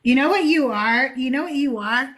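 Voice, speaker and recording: A woman's voice: high-pitched, a bit bright. A woman hosting a casual chat, chatty, laughing often. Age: older. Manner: laughs a lot, slow and chatty. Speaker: host.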